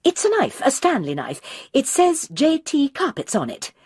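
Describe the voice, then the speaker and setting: A woman's voice: high voice, wildly swooping pitch, normal speed, a little mellow, dry recording, clean studio sound, voice pushed up, exaggerated voice. A woman doing an earnest amateur sleuth.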